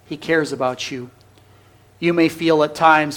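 A man preaching a sermon, swinging from loud urgent pleading to hushed near-whispers and stretching out key phrases. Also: medium pitch. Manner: preaching with drawn-out emphatic phrases. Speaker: pastor.

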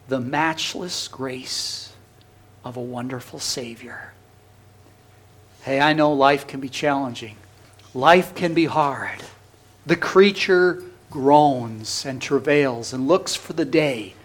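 A man preaching a sermon, swinging from loud urgent pleading to hushed near-whispers and stretching out key phrases. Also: mid-range voice. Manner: preaching with drawn-out emphatic phrases. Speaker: pastor.

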